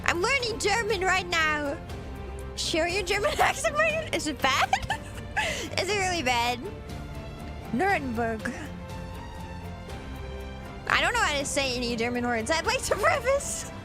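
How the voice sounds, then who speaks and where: A woman's voice: very high voice, big pitch swings, measured pace, long pauses. A woman streamer giggling through a casual reaction stream, sounding out place names as she goes. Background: background music.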